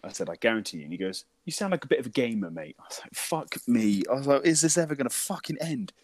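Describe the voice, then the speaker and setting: A young man with a British accent recounts a story with lots of laughter and profanity. His pitch swings widely as he acts out both sides of the conversation. The room sounds dry and close. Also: fast talker, dry recording. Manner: animated storytelling, swearing, mimics voices and laughs. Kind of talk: casual chat.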